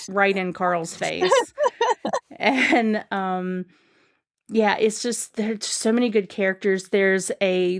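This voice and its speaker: A woman guest on a podcast, chatting casually and enthusiastically, rambling with lots of fillers and restarts. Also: mid-range voice.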